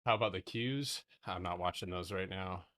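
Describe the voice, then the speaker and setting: Young male trading streamer, loose and profane live chart talk, low-ish forceful voice. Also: moderate pace. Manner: casual, profane, excitable, talks in broken half-sentences.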